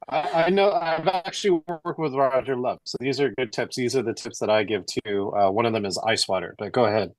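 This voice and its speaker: A man hosts a podcast interview over a video call, sharing tips in a friendly, halting way full of "uh"s. His voice is recorded dry, with no room sound. His pitch sits in the middle. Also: no echo. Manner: friendly, hesitant with many "uh"s. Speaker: podcast host. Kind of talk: casual interview chat.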